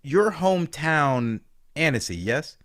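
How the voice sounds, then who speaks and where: Man, podcast host, lively pitch, playful, high energy. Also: takes it slowly, dry recording, studio quality. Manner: hype and animated, playful. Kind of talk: casual podcast chat.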